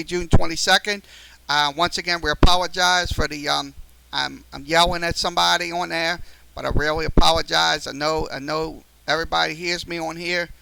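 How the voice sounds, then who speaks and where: Male sports talk host, high and gravelly voice, bright tense tone, rambling with lots of ums. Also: a little hiss or hum, poor audio. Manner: rambling with many fillers and restarts, getting upset at a viewer. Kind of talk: live-streamed sports talk. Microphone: studio mic through a mixer.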